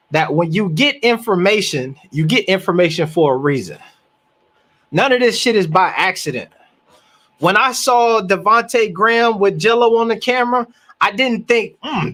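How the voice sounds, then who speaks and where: A man hosting a live reaction stream, talking emphatically and repeating words as he works through his thoughts. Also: high voice. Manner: animated, emphatic, repeats words while thinking.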